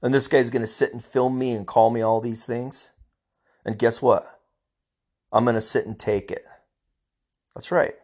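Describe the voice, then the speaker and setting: A man's voice: medium pitch, fairly even intonation, normal speed, long pauses, a little mellow. A middle-aged man, a police officer, ranting angrily on his own podcast, emphatic and repeating himself. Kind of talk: personal podcast rant.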